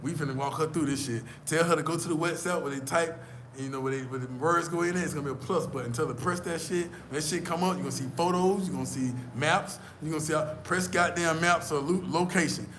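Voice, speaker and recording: A man's voice: fairly high pitch, fast talker, fairly bright tone, slight background noise. Emphatic, profane man. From United States. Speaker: vlogger. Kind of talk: casual storytelling rant.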